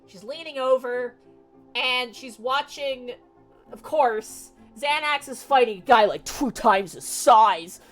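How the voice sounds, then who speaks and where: A young woman streamer retells a romance novel for her chat with a high-pitched voice. She is exasperated and animated, and she swears freely. Faint music plays behind her. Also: slow. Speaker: VTuber streamer. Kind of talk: casual livestream book retelling.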